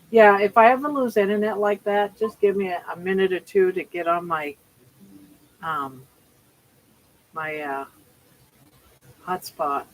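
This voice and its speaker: A woman's voice: mid-range voice, a little hiss or hum, low-quality recording. Older woman, livestream host, casual live chat, chatty and rambling, frequent restarts, talking from home.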